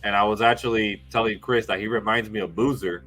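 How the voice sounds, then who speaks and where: Low-voiced man in podcast chat. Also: steady tone, brisk, a bit bright, faint music behind. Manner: chatty, hedging with "you know". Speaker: podcast co-host.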